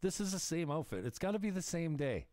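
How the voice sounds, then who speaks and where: A man's voice: fairly high pitch, very animated, brisk, a little mellow, no room sound, clean studio sound. A man hosting a casual livestream where he reacts to clips. He is sarcastic and profane and laughs often. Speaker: livestream commentator.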